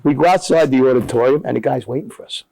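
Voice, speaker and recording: A man's voice: medium pitch, fast talker, gravelly, no room sound. An older man, a former basketball player telling stories as an interview guest, often checking in with "all right?". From Jersey City, New Jersey. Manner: animated storyteller, tags lines with "all right?". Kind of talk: storytelling in casual conversation.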